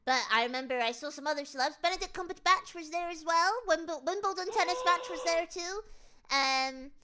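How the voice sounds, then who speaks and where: A young woman hosting a casual streamed chat, excitable and giggly. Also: very high voice, brisk, background noise. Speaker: VTuber streamer host.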